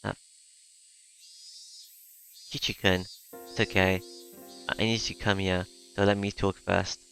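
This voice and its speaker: A gentle teenage girl, soft-spoken and earnest, as a man reads her in a low voice. She presses quietly. Faint music plays underneath. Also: level tone, unhurried, creaky, exaggerated voice, rough recording. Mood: hesitant.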